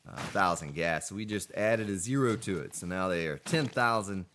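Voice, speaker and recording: Low-voiced man chatting while gaming. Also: moderate pace, a bit bright, slight background noise. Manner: chatty, talks to chat viewers by name. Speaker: game streamer. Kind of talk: casual gameplay commentary.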